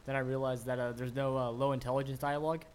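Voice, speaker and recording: A man's voice: mid-range voice, flat delivery, quick pace, slight background noise. A man on a casual gaming podcast panel who talks hesitantly, often restarting his sentences. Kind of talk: casual gaming chat among friends.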